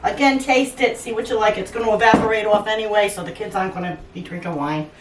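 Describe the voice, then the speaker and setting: A woman's voice: medium pitch, steady tone, quick pace, noisy background. A woman hosting a home cooking demonstration, chatting in a casual, joking way as she cooks. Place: home kitchen. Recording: echoey kitchen, mic at a distance, cooking clatter.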